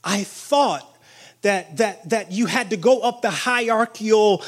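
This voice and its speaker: High-pitched preacher guy getting all fired up, shouting out to the crowd. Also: a little slow. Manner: excitable, call-and-response preaching with exclamations. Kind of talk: sermon.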